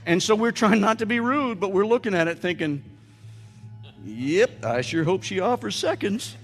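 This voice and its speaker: A man's voice: high-pitched, lively intonation, normal speed, long reverb tail, soft background music. A man with an American accent preaching a sermon as pastor, telling humorous stories and putting on playful voices for quotes. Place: church sanctuary.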